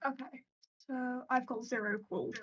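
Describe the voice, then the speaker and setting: Woman, high voice, casual blunt player, slightly muffled sound. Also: steady tone, a little slow. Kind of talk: casual tabletop play.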